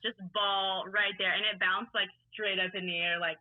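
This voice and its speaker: A woman's voice: mid-range voice, fairly even intonation, moderate pace, no room sound. Woman with a faded Long Island accent. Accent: faded Long Island New York. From Long Island, New York. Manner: chatty, filler-heavy storytelling with laughs. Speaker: guest, lacrosse player and coach. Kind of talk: casual podcast chat. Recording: tinny phone-line sound.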